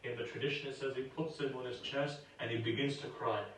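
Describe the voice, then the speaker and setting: A man delivering a sermon, telling a sacred story with deep emotion and rising into emphatic pleas. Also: fairly even intonation, fairly quick, a bit bright, slight background noise. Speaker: preacher. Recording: roomy, from far off the mic.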